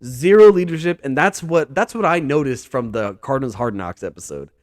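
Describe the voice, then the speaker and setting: A man's voice: medium pitch, expressive, brisk, dry recording, clean studio sound. A man hosting a sports vlog, talking in a casual, rambling monologue full of "dude" and "bro".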